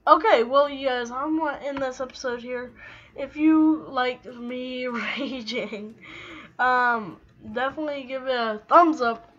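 Bright-voiced young woman gaming. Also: sits high, unhurried, highs cut off. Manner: flustered, exclaiming, trailing off. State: out of breath. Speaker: gaming video host. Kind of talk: casual gameplay commentary.

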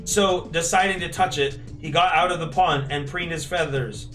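A man's voice: a little high, moderate pace, a bit bright, faint music behind. A young man on a stream, reading his old school story aloud and laughing at it. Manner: amused, laughing often.

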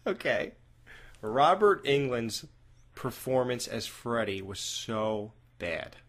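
A man co-hosting a movie review podcast, talking casually and getting loud and animated when he imitates lines. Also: medium pitch, slow. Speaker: podcast co-host.

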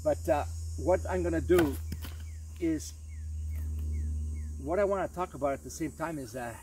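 A man's voice: a little high, moderate pace, dark tone, recorded from a distance, slight background noise, poor audio. A man walking through his vegetable garden, talking casually to viewers and drifting into preachy warnings, calling them folks. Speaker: vlogger gardener. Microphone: camera on tripod outdoors.

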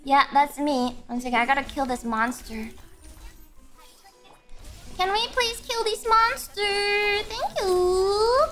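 A woman's voice: very high voice, lively intonation, takes it slowly, long pauses, a bit bright, soft background music. A woman streamer chatting casually on a live stream, giggly and self-mocking, often bursting into squeals.

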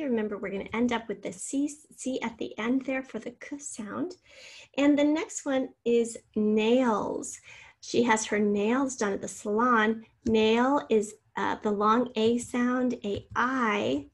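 A woman teacher giving a spelling lesson, patiently sounding out syllables and spelling words letter by letter. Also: on the high side.

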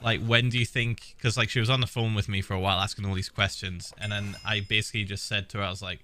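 A man's voice: on the low side, flat delivery, fast talker, hardly any pauses, pushed and bright. A man streaming, chatting casually and telling a story while acting out both sides of it.

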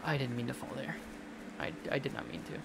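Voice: medium pitch, very animated, fast talker, creaky, noisy background. Rambling game streamer muttering to themself. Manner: muttering, rambling, confused self-talk. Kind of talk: casual gameplay commentary. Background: game music.

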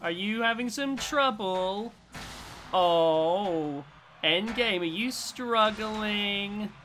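A man giving excitable commentary as he plays a robot combat video game, swinging between tense muttering and loud cheering. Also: sits high, very slow, slight background noise. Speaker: gaming YouTuber.

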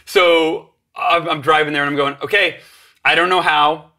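A man in his forties, a podcast guest telling an animated story and acting out the voices of the people in it. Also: on the high side, normal speed. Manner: acts out voices in his stories, energetic.

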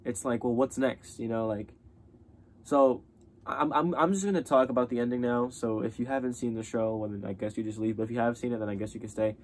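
A man's voice: mid-range voice, steady tone, brisk, a little mellow. A young man giving a casual spoken review of a TV show, rambling with many fillers and restarts.

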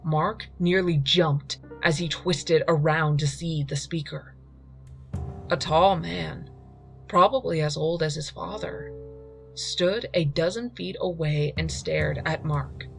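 A woman narrates a ghost story in an unhurried, measured way. Her voice sits low with a gravelly fry, and faint music plays underneath. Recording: reading over faint music.

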